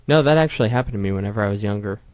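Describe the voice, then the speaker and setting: A man's voice: lowish voice, rapid-fire, a little mellow, no room sound. A young man co-hosting a podcast from home, telling long rambling stories in casual chat. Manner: rambling storyteller. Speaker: podcast co-host.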